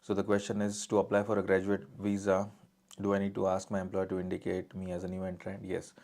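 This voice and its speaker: A man's voice: sits low, completely flat delivery, quick pace, darkish tone. A man answering viewer questions on a live stream as an immigration adviser, reading each one out and then answering plainly and directly.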